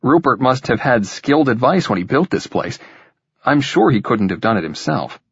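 A man voicing an easygoing, teasing husband with relaxed, dry humor. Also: medium pitch, normal speed, husky, dry recording, lo-fi sound, pitched above the performer's own voice, exaggerated voice.

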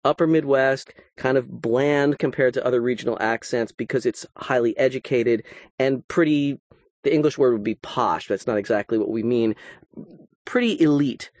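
A man's voice: mid-range voice, moderate pace, darkish tone, dry recording. Man lecturing in a dry studio sound. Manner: explanatory, conversational, with asides. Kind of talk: recorded lecture.

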